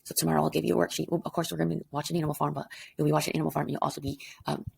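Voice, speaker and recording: A woman's voice: sits low, flat delivery, racing, gravelly, a little hiss or hum. A tired woman teacher explaining an assignment in a recorded lesson, rambling casually and checking in with "okay?". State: tired, up before dawn.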